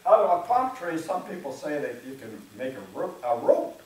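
Preacher in a very echoey church. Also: male voice, a little high, big pitch swings, moderate pace, far from the mic. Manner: conversational preaching, voices imagined churchgoers, clears throat often. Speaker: pastor. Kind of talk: sermon. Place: church sanctuary. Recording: very echoey church room, speaker away from the mic.

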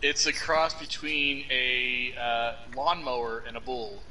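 A man's voice: medium pitch, fairly even intonation, slow pace, noisy background. A man co-hosting a live stream from his basement, chatting casually, laughing a lot and reading out chat messages. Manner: laughs often, reads out chat. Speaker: streamer co-host. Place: home basement.

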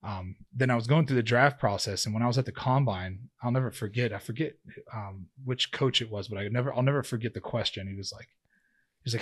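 A man's voice: medium pitch, brisk, husky. A man in his thirties, a former pro football player and podcast guest, tells a long story in a loose, rambling way, full of fillers and restarts. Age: 30s. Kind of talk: casual storytelling in an interview.

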